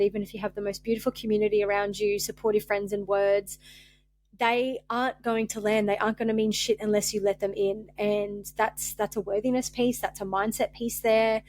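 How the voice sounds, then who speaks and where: A woman's voice: mid-range voice, a little mellow, no room sound. A young woman hosting a candid spiritual podcast monologue, rambling and open-hearted with many fillers, emotional and close to tears. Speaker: podcast host.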